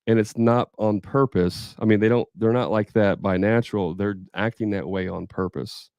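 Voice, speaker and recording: A man's voice: fairly low pitch, fairly even intonation, normal speed, darkish tone, clear, resonant tone, no echo, clean studio sound. A man leading a live sales training for contractors, talking casually, thinking aloud and acting out customer conversations.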